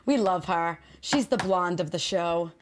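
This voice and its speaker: A woman's voice: fairly low pitch, unhurried, a little hiss or hum. A woman co-hosting a casual talk show, bold, teasing and crude. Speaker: co-host. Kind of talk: casual chat.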